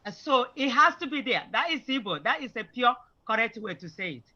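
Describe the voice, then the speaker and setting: A woman's voice: a little high, sing-song, brisk, bright, forceful tone, lo-fi sound. A woman teaching an online Igbo class, patiently explaining grammar and mixing English with Igbo example phrases.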